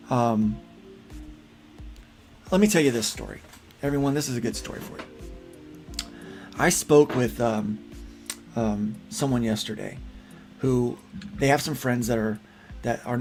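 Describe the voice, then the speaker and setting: A man's voice: medium pitch, a little mellow. A man co-hosting a casual livestream podcast, talking earnestly and rambling with frequent restarts and repeated words. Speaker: podcast co-host.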